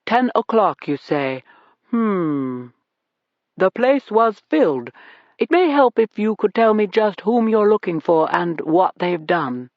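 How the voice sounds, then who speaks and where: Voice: sing-song, slow pace, no echo. A reader voicing a suave British club owner. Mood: smooth, evasive. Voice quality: deep. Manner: polite, smooth, evasive. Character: suave male club owner, cheerful, evasive. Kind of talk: audiobook character reading. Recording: dull dry recording.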